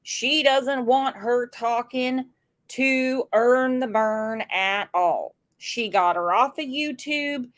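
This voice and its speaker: A woman's voice: on the high side, takes it slowly. A woman hosting a true crime commentary, talking casually with sarcastic, mocking asides.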